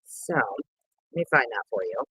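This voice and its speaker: Husky, pushed and bright, this woman's voice has lively intonation and an unhurried pace. As a livestream host, she greets viewers by name playfully, breaking into sing-song and squeaky voices. The audio is poor, though there's no room sound.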